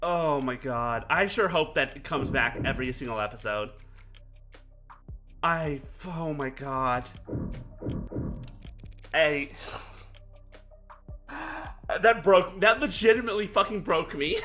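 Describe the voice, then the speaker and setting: A man streaming a playthrough of a story game, breaking into loud, profane, laughing outbursts. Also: fairly high pitch, measured pace, long pauses, soft background music. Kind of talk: live game-playthrough reactions.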